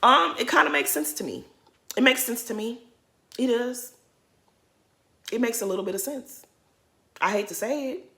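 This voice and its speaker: A woman's voice: a little high, very animated, moderate pace, pauses often, bright, forceful tone. A woman giving a casual take on a TV episode with slangy asides. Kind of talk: casual reality TV recap.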